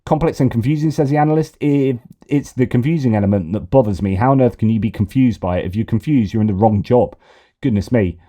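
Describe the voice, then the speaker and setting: A man's voice: lowish voice, fairly quick, dark tone. A man giving sarcastic, exasperated political commentary, often repeating himself. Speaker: news commentator.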